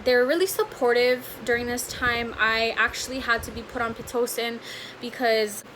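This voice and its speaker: A young woman, a new mother, telling her birth story in a relaxed, slightly hesitant way. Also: fairly high pitch, normal speed, rough recording. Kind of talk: casual storytelling to camera. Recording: clear background noise.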